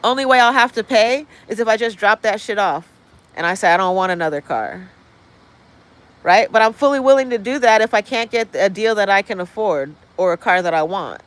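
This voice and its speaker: In a low-quality recording, a woman with a slightly high voice talks fairly quickly while hosting a livestream. She is indoors in an apartment building, giving a casual, rambling rant that is blunt and profane.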